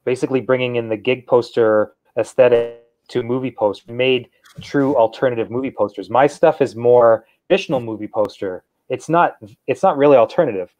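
A man's voice: mid-range voice, a little mellow, no echo, dull audio. A man, a guest artist in a casual chat, modest and rambling about his own work. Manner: modest, rambling, self-effacing.

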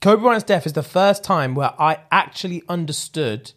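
A young man, co-hosting a casual podcast chat, animated and swearing freely as he acts out quotes. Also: fairly high pitch, moderate pace. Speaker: podcast co-host.

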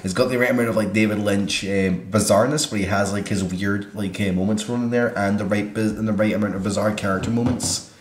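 A man from Scotland talking excitedly about a TV show in a casual chat, full of fillers. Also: fairly low pitch, fast. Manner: enthusiastic, lots of fillers. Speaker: co-host. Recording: echoey room.

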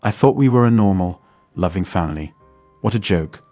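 A man's voice: deep voice, expressive, normal speed, warm tone, dry recording, faint music behind. A man voicing a heartbroken middle-aged mother who speaks bitterly. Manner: bitter, rueful.

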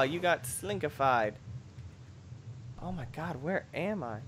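A young man giving excitable, jokey commentary over a video game, bursting into shrieks and yells. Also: high-pitched, slow pace, long pauses, a little hiss or hum. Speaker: gameplay commentator. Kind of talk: let's play commentary.

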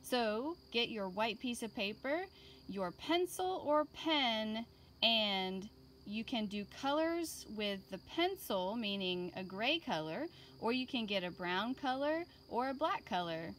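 Slow, patient woman art teacher. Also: fairly high pitch, animated, fairly bright tone, slight background noise. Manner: slow, patient, explaining to young children. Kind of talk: children's online art lesson.

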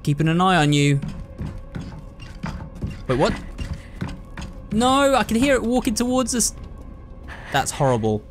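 A man's voice: high voice, big pitch swings, a little slow, long pauses, faint music behind. A man commentating on a horror game, frightened and jumpy, talking to his viewers. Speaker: gamer.

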